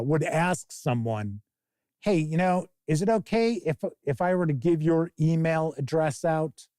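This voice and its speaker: A man's voice: a little high, dry recording, clean studio sound. Rambling, profane man hosting a live stream. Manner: rambling, profane, animated mock quotes. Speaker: host. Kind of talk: casual live-stream talk.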